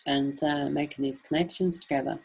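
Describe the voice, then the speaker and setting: Woman webinar speaker, low husky voice, rambling and emphatic, rhetorical questions. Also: fairly even intonation, a little fast, a little mellow, low-quality recording. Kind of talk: impassioned off-the-cuff talk.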